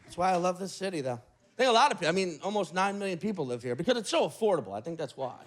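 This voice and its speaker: A man doing a profane, animated stand-up set in an apartment. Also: sits high, very fast, heavy background noise. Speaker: stand-up comedian. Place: apartment with live audience. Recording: live apartment crowd. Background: small audience laughing.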